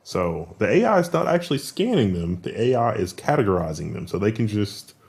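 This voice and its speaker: A man's voice: on the low side, big pitch swings, a little fast, vocal fry, a little mellow. A man co-hosting a tech news show in casual chat, joking and laughing often.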